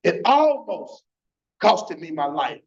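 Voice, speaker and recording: Fervent high-voiced man testifying. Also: big pitch swings, takes it slowly, gravelly, breathy edge. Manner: fervent, repeats phrases, tags lines with "man". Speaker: church testimony speaker. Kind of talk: impassioned church testimony. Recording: dull lo-fi church stream.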